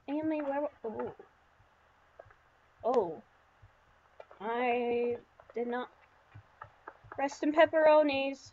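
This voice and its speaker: Woman, high voice, unhurried chatter, excitable yelps, gameplay commentary, slightly dull recording. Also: a little hiss or hum. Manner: excitable, yelps and shrieks when startled. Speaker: gaming YouTuber.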